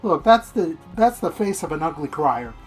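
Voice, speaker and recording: A man's voice: on the high side, very animated, normal speed, soft background music. A young man giving a casual, rambling video review of a manga, swearing constantly and getting worked up as he retells the story.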